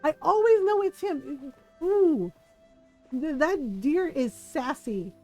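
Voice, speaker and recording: High-voiced woman, chatty game streamer. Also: big pitch swings, very slow, dark tone, soft background music. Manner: rambling, self-deprecating storytelling with frequent laughter. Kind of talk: casual chat while streaming a game.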